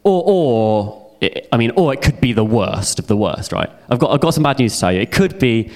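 A man's voice: mid-range voice, animated, a little fast, darkish tone. A young man speaks in a mid-range voice, delivering a heartfelt testimony sermon. His telling is earnest and personal, and he circles back to key phrases to drive them home. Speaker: youth speaker.

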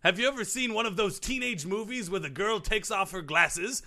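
A man's voice: sits high, moderate pace, sharp tone. A man playing a pompous eccentric grunt coach. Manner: pompous, theatrical, over-the-top. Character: smug eccentric male tennis grunt coach. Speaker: comedy podcast sketch performer. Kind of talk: improvised comedy sketch.

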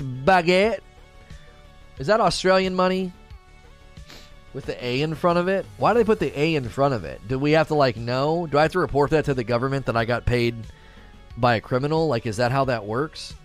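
A middle-aged man hosting a gaming news livestream, chatting casually and talking straight to his viewers. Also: on the high side. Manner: animated, chatty, addresses viewers directly.

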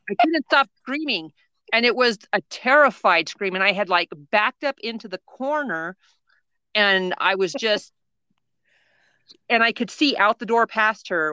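A middle-aged woman co-hosting a podcast, telling a story in a lively, casual way and laughing often. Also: on the low side, clear, resonant tone, dry recording. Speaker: podcast co-host.

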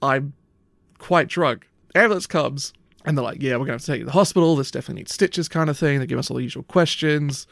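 A man's voice: mid-range voice, fast talker, creaky, a bit bright, no echo, clean studio sound. A man telling a long, rambling story in casual chat, swearing often. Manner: rambling anecdote, frequent swearing and "like".

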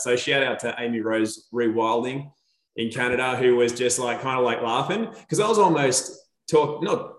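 A man's voice: medium pitch, moderate pace, roomy sound. A man chatting casually as a podcast guest, telling a story and acting out the dialogue in it. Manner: animated storyteller, acts out quoted dialogue. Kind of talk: casual chat.

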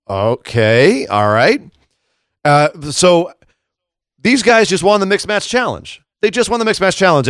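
A man's voice: medium pitch, no room sound, studio quality. A man co-hosting a podcast, chatting casually and animatedly about wrestling, often laughing and acting out quotes. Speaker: podcast co-host. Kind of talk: casual wrestling recap chat.

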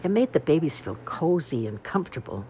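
A woman's voice: low voice, very animated, a little fast, warm tone, slight background noise. A woman voicing a patient mother who reads and explains to children in a storybook reading. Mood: reading aloud. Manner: patient, explaining, a little weary.

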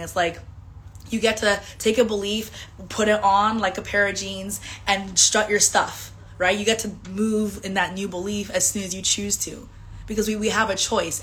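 A young woman coaching and hosting a live stream, talking casually and with energy, with lots of "like" and quoted voices she acts out higher. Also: fairly bright tone. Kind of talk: casual motivational talk.

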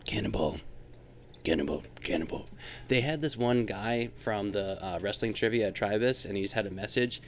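A man's voice: on the low side, fairly quick, hardly any pauses, a little hiss or hum. A man co-hosting a casual livestream podcast, goofy and teasing his listeners. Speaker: podcast co-host.

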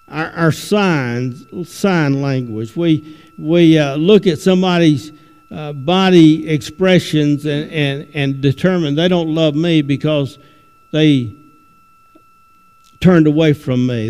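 A man with a high voice preaches a plain, folksy sermon, stumbling and restarting as he goes. His voice rings with a long reverb through the church sanctuary. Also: a little mellow, smooth. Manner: folksy, repeats words and restarts often. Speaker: visiting preacher.

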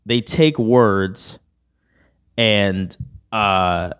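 A man's voice: on the low side, extremely slow, a bit bright, clear, resonant tone. A man hosting a podcast in a casual, rambling, slangy chat. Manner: rambling, laid-back, slangy. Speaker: podcast host.

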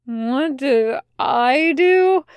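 A woman voicing a tired, hungover male demon who slurs and speaks slowly in confusion. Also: high-pitched, no room sound, dull audio. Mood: confused. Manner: slurred, weary, slow.

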